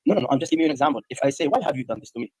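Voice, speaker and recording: A man talks quickly in a husky voice, firing repeated pointed questions at his opponent. The sound is dry and close, with no room around it. He builds his case one point at a time and insists on answers. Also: mid-range voice, lively intonation, darkish tone, dry recording, low-quality recording. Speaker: debater. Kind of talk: debate questioning from a played clip.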